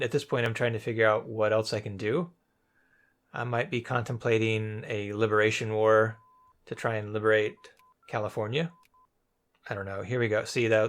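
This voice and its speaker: A young man casually commentating his own gameplay after the fact, thinking aloud in a rambling, hesitant way with many restarts. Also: mid-range voice. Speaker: let's play commentator.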